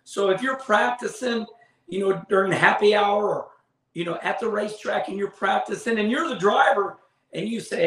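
A man's voice: high-pitched, moderate pace, fairly bright tone, roomy sound, rough recording. A middle-aged man hosting his own show, talking casually in a folksy, rambling way with lots of fillers and acted-out quotes. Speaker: show host. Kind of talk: casual opinion monologue.

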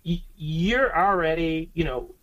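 A man's voice: on the high side, unhurried, a bit bright. Easygoing man on muffled lo-fi audio. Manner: easygoing, rambling, restarts often. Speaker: podcast co-host. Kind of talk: casual podcast chat.

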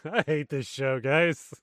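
Bright-voiced sarcastic podcast guy. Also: fairly high pitch, no echo, clean studio sound. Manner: sarcastic, jokey, quick to laugh. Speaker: podcast co-host. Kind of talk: casual chat.

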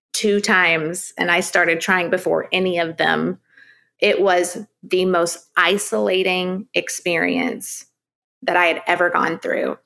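A middle-aged woman talks openly as a podcast guest, her voice bright with a gravelly edge of fry. She speaks with emphasis and laughs easily between points. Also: on the low side. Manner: open, emphatic, laughs often. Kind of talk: candid podcast conversation.

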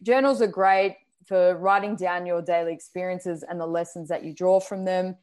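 A woman's voice: fairly low pitch, steady tone, normal speed, a little mellow. A woman co-hosting a podcast, chatting casually and acting out little quotes as she talks. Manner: chatty, laughs easily, acts out quotes. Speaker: podcast co-host. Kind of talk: casual chat.

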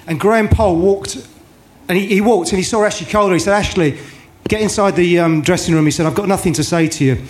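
A man's voice: high-pitched, fast. A middle-aged man telling an anecdote on a live podcast, hesitant and full of fillers. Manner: storytelling with many hesitations.

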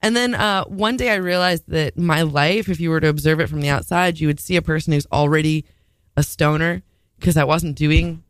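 A woman's voice: sits low, normal speed, no echo. A woman telling a rambling, self-mocking story in casual radio chat.

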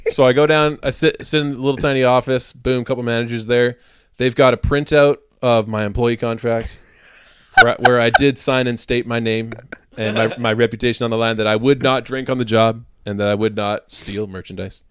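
A man's voice: mid-range voice, fairly even intonation, moderate pace, very noisy. A young man co-hosting a podcast, telling a story in a laid-back, casual way, laughing often and swearing. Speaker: podcast co-host.

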